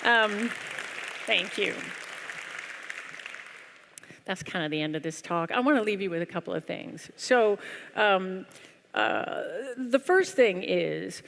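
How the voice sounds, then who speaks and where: A woman giving a humorous keynote talk on stage, telling a story in a lively, wry, self-deprecating way. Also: mid-range voice, a little slow, gravelly, some chatter behind, slight background noise. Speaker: conference speaker. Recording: long hall reverb.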